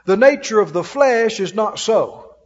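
A man's voice: high-pitched, expressive, unhurried, in a large hall, highs cut off. A male preacher giving a folksy, emphatic sermon, often laughing as he preaches.

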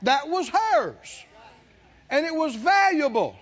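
A man with a very high voice preaches at a slow pace, animated as he laughs through a story and calls out to the congregation. The sermon recording is dull and lo-fi.

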